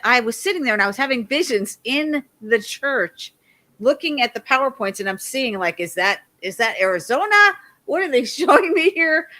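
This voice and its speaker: A woman in her fifties, a guest telling a long rambling story in a loud, animated way and laughing often. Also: a little high.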